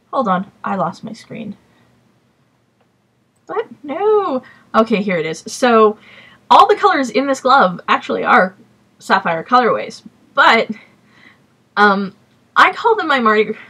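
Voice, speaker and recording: A woman hosting a casual crafting podcast from home, talking in a chatty, rambling way with quick apologetic asides. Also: medium pitch, fairly bright tone, husky. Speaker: podcast host. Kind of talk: casual chat.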